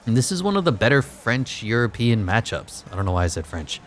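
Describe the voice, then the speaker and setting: A man's voice: medium pitch, big pitch swings, a little fast, faint music behind. Man, casual game play-by-play, joking asides. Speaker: gaming YouTuber. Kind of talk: casual play-by-play commentary over a basketball video game.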